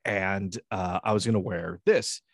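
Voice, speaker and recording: A man's voice: low-pitched, fairly even intonation, measured pace, creaky, slightly rough, no echo, clean studio sound. A man co-hosting a podcast, telling stories in a casual, profane, laughing way. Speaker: podcast co-host. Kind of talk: casual banter.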